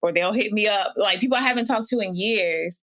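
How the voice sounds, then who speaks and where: A woman in casual podcast chat, animated and storytelling, acting out quoted voices. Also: medium pitch, brisk. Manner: animated storytelling, laughs often, acts out quotes. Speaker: podcast guest.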